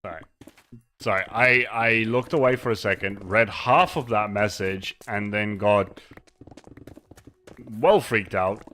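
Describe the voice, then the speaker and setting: A man's voice: lowish voice, a little slow, pauses often, bright, forceful tone. A man streaming a game, chatting casually, rambling and mocking himself while reading chat aloud into a desk microphone.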